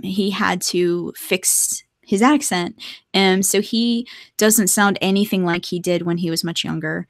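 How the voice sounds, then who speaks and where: A woman's voice: mid-range voice, no room sound, clean studio sound. A young adult woman chatting casually to viewers on a live stream from her art desk at home, laughing often.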